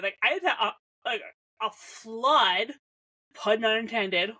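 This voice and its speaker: A woman's voice: mid-range voice, bright, forceful tone. A young woman reviewing an old teen show, chatty and rambling, restarting sentences and cracking jokes. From Canada. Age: young adult. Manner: chatty, self-interrupting, heavy on "like", jokey asides.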